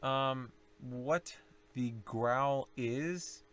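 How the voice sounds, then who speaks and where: A young man explaining low singing techniques in a casual tutorial, rambling and self-correcting as he demonstrates growls and vocal fry. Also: drawn-out words, fairly bright tone. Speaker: singing teacher.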